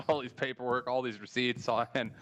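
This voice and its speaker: A man's voice: mid-range voice, unhurried. A man hosting a podcast, telling a long, profane story in a casual way and laughing between lines. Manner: animated, profane anecdote with laughter. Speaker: podcast host.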